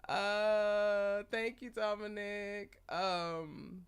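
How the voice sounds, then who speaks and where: Chatty and quick to laugh, the young live show host greets her viewers by name during a casual stream. Here her voice sits at a medium pitch with a clean tone.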